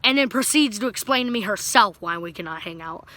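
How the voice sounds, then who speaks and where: Young man, bright clear tone, casual storytelling, rambling, lots of "uh" and "like". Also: high voice, expressive, a little fast. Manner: rambling, with many fillers and restarts. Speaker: vlogger.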